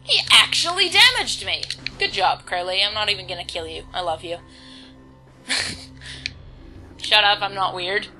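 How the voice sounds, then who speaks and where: A woman's voice: medium pitch, animated, moderate pace, pauses often, music in the background, rough recording. A woman casually commenting on a video game, rambling and self-deprecating as she reads the on-screen text aloud. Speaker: let's-play commentator.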